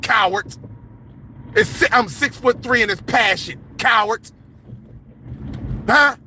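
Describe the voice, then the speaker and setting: A man hosting a livestream, ranting with passion in a confrontational, preachy way and often yelling. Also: very high-pitched, slow pace, a little hiss or hum. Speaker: livestream host. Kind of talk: heated livestream rant.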